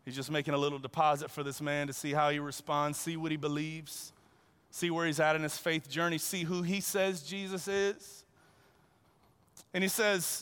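A male preacher giving an animated, conversational sermon and acting out the dialogue as he goes. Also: a little high, normal speed, clear, resonant tone. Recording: long reverb in a large hall.

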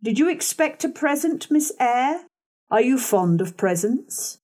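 A woman voicing a brusque, moody gentleman, the master of the house, speaking in a curt and formal way in a storybook reading. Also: high-pitched, animated, measured pace, pitched above the performer's own voice. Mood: gruff.

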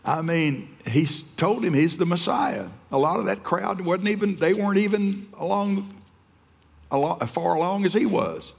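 A man's voice: a little high, measured pace, creaky, husky. A man preaching a fervent, emphatic sermon, often restarting his phrases. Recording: long hall reverb.

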